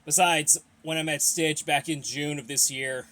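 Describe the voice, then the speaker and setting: A young man with a bright, fairly high voice runs a casual Q&A and reads out viewer questions. He rambles, repeats himself and gives blunt opinions, sounding a little out of breath. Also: steady tone, measured pace. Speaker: host of a fan Q&A channel.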